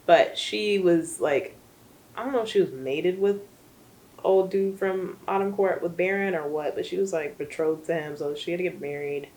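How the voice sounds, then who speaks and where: Low-voiced chatty woman book vlogger. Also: moderate pace, darkish tone, poor audio. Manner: rambling, chatty, many fillers. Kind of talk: casual book recap.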